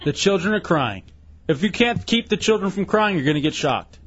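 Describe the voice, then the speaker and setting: A male radio host with a slightly high, very lively voice teases his crew and barks orders at them. The sound is dry and dull, like an old lo-fi broadcast. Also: a little fast, slightly rough, no echo. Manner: bossy, teasing, barking orders. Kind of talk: radio show hosting.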